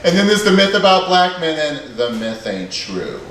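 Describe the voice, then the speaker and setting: Comedy show emcee, man, slight German accent, lively bawdy banter, echoey and noisy. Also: on the high side, normal speed, recorded from a distance.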